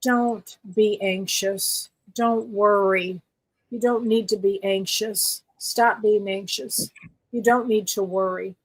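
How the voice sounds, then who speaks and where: A woman co-hosting a casual chat, speaking in a calm, measured and reassuring way. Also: mid-range voice, low-quality recording. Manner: calm, measured, reassuring delivery with short encouraging replies. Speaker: co-host.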